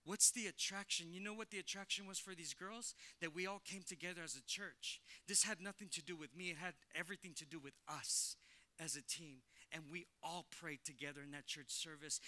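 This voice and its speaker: A man preaching a sermon as pastor in a church, energetic, stammering repeats and acted-out quotes. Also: fairly high pitch, normal speed. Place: church sanctuary.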